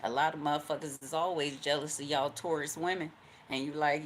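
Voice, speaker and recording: A woman with a notably low voice gives a casual tarot reading, swearing freely and spinning the cards into stories. She slips into the voices of the people she describes and laughs along the way. There is a faint hiss of noise under her voice. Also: little pitch movement, fairly quick. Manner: profane, storytelling, acts out quoted voices, laughs often. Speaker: tarot card reader.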